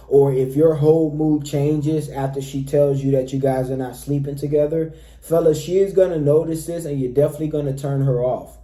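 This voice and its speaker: Mellow-voiced man coaching the fellas. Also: mid-range voice, steady tone, moderate pace, few pauses, echoey room. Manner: emphatic, repeatedly says "all right, fellas". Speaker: dating coach. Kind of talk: direct-to-camera advice talk.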